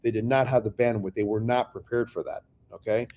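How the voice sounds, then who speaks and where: A man with a dark, mellow voice tells his business stories with blunt, profane candor. He talks in a loose, conversational way, breaking into the voices of people he once argued with. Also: lowish voice, fairly even intonation, fairly quick. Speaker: real estate investor guest. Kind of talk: candid conversational storytelling.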